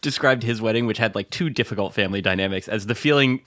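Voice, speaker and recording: A man's voice: fairly low pitch, quick pace, fairly bright tone, no room sound, clean studio sound. A man co-hosting a podcast, trading wry jokes in casual chat. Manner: wry, joking banter. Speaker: podcast co-host.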